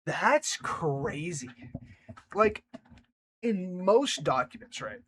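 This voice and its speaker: Male story reader, slightly higher voice, chatty commentary between reads. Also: big pitch swings, very slow, fairly bright tone, husky, rough recording. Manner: chatty, breaks off to react and laugh. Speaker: reddit story narrator. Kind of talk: reading stories aloud with casual commentary.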